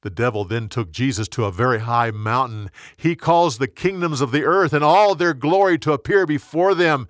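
A man narrating a Bible story in a dramatic, expressive scripted reading. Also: medium pitch, moderate pace, few pauses, no echo, clean studio sound.

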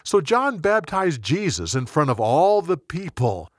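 Male storybook narrator, slightly high, dramatic; dry close mic. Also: a little slow, no echo. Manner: dramatic, expressive reading. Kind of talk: scripted Bible story narration.

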